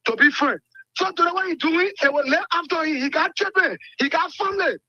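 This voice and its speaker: Fast-talking caller, high and bright. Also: male voice, no room sound. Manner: rapid, rambling, insistent. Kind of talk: call-in commentary. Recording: dull phone line.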